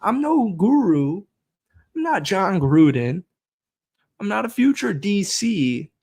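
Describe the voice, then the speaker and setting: A man's voice: sits high, very animated, slow, darkish tone. A young man hosting a football podcast, ranting casually with frustration, swearing and laughing.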